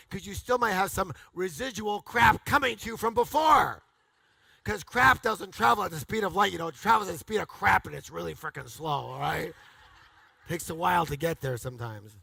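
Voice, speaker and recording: Bright, punchy motivational seminar man. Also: high-pitched, vocal fry, breathy edge, dry recording. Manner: energetic and emphatic, with call-and-response to the audience; bursts into loud, punchy exclamations. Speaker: seminar speaker. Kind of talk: motivational seminar talk to a live audience.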